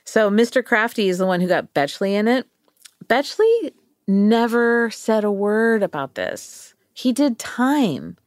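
A woman's voice: on the high side, sing-song, measured pace, no echo, studio quality. A woman co-hosting a podcast, telling a story in a playful, casual way, laughing often and acting out quoted voices. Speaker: podcast co-host.

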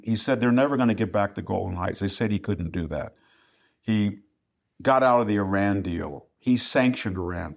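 A man's voice: lowish voice, gravelly, a little mellow. An older man, a historian guest in a podcast interview, arguing emphatically and fluently and acting out quoted asides.

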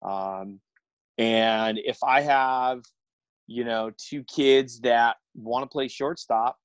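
A middle-aged man, a high school baseball coach, talking frankly and casually with many fillers over a video call. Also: steady tone, slow pace, clear, resonant tone, dry recording, muffled recording. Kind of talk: casual interview chat. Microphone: video call with earbuds.

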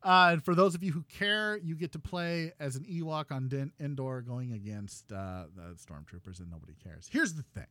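Animated, chatty man on a podcast. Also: mid-range voice, moderate pace, few pauses, no room sound. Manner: animated, laughing, rambling with restarts. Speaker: podcast co-host. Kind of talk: casual gaming podcast chat.

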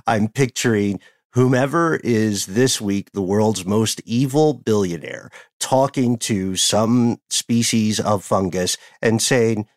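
A man's voice: on the low side, slow, no echo, studio quality. A man co-hosting a casual chat podcast, rambling, punning and laughing easily. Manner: wordplay-loving, digressive, laughs easily. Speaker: podcast co-host.

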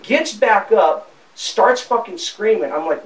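A man's voice: high-pitched, lively intonation, slow. A man giving police a profane, rambling, defensive account of a fight, recorded on a body camera. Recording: roomy body camera audio from a distance.

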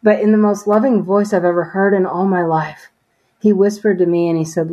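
A woman tells her personal faith story as a guest in a conversation. She speaks earnestly, with a lot of "you know" and "like". Her voice sits at an ordinary middle pitch. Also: fairly even intonation, a little fast, muffled recording. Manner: earnest storytelling, acts out remembered dialogue, frequent "you know" and "like". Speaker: interview guest.

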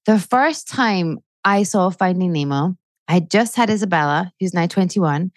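A woman's voice: fairly low pitch, animated, moderate pace, no room sound. A woman in her forties, a comedian chatting as a podcast guest, swearing freely and ranting with rising energy. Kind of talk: casual chat.

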